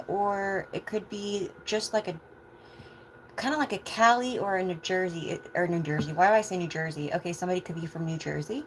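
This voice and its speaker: A woman chatting casually on a livestream as a tarot reader, meandering with soft asides. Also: fairly low pitch, brisk, a little hiss or hum, rough recording.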